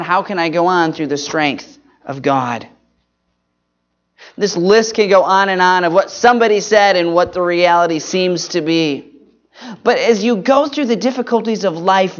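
A preacher giving an earnest Mother's Day sermon and prayer, quoting scripture slowly and stressing single words. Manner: earnest, swings between emphatic rises and soft low drops. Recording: dull lo-fi recording.

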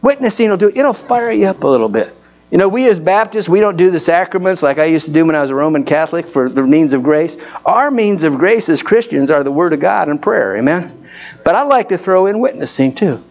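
A man's voice: a little high, lively intonation, a little fast, a little mellow, lo-fi sound. A man preaching a folksy Baptist sermon, telling stories and repeatedly asking his congregation for an amen.

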